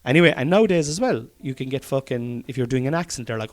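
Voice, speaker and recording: A man's voice: medium pitch, animated, fast talker. An Irish man, a comedian hosting a podcast, chatting casually at home, swearing often and rambling. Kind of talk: casual chat. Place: study by an open fire at home.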